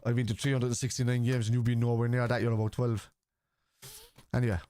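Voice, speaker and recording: A man's voice: medium pitch, level tone, fast talker, dark tone. A man, chatting live on a football stream, blunt and argumentative with viewers. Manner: blunt and argumentative, swears freely. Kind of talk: casual live-stream chat, answering viewers.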